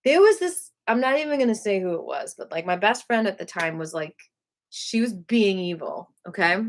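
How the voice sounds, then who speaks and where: A woman singer telling rambling school stories on a casual live stream, animated and full of asides. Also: medium pitch, normal speed. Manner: dramatic bursts when quoting herself.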